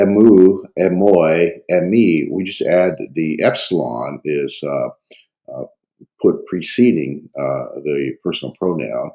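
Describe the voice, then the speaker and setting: A man with a cold teaching a Greek grammar review, talking haltingly with many fillers and thinking aloud. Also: rumbling low, warm tone, rough recording. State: has a cold. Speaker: Greek instructor.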